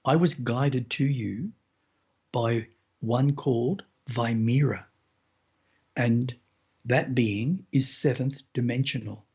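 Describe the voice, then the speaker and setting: A man hosting a podcast, telling a first-person story in an unhurried, earnest way. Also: mid-range voice, creaky, darkish tone, slightly rough, lo-fi sound. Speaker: podcast host.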